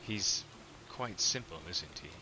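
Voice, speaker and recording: A man voicing an aloof, dismissive female merchant in a tabletop game, measured and dry. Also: low-pitched, animated, sharp tone, a little hiss or hum, exaggerated voice, poor audio.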